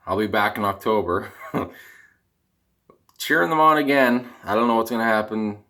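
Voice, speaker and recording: A man's voice: on the low side, moderate pace, sharp tone. A young Canadian man ranting casually to camera in a rambling, dejected, exasperated way, his voice cracking at times. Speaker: vlogger, hockey fan.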